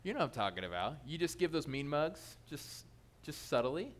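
A male pastor preaching a sermon in a lively, joking way, teasing his congregation. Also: a little high, moderate pace.

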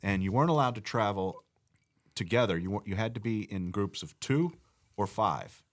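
Deep-voiced man telling a story. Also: animated. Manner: halting storyteller with restarts. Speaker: podcast guest. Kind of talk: casual chat.

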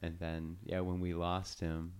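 A man's voice: low voice, completely flat delivery, measured pace, a little mellow, clean tone. A man hosting a podcast, telling a story in a loose, profane way full of fillers. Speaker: podcast host. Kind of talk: casual storytelling chat.

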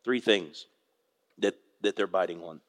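An older man preaching a sermon, a pastor telling a fishing story with folksy, animated delivery and acting out the voices of the people in it. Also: low voice, unhurried, in a large hall. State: tearful at moments.

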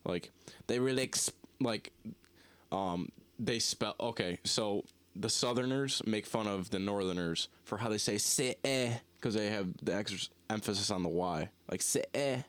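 Low-voiced guy, dry close sound. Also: fairly bright tone, smooth, dry recording. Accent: Northeastern US. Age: young adult. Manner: rambling, halting, many restarts and fillers. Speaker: podcast co-host. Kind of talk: casual chat.

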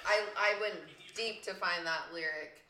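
A woman's voice: mid-range voice, normal speed, a loud crowd. A woman hosting a casual podcast game, teasing her friends as she reads out lyrics for them to judge. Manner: teasing quizmaster reading out lyrics. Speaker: game host. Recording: echoey room.

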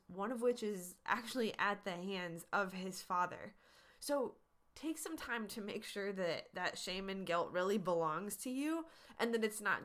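A woman's voice: medium pitch, pushed and bright. A woman hosting a podcast, answering listener questions in an earnest, encouraging, conversational way. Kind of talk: casual advice talk.

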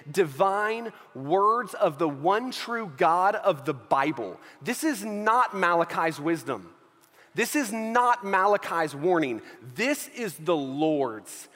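A pastor preaches a sermon to his church in a large hall, his high, slightly bright voice emphatic as he repeats key phrases and regularly checks in with listeners.

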